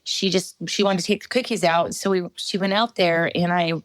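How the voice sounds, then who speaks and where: A middle-aged woman giving a personal testimony as a podcast guest, halting storytelling with many fillers. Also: fairly low pitch, steady tone, no echo.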